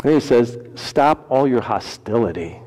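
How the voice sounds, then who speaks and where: A man preaching a sermon as pastor, folksy and humorous, swinging between loud emphasis and hushed, quiet lines. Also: mid-range voice, lively intonation, measured pace, long reverb tail, slight background noise, low-quality recording.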